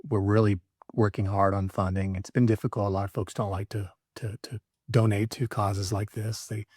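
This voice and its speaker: Plainspoken man, low voice, wry. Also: level tone, normal speed, darkish tone, breathy edge, dry recording, studio quality. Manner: plainspoken, restarts a lot, wry humor. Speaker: former DEA agent, podcast guest. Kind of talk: casual interview chat.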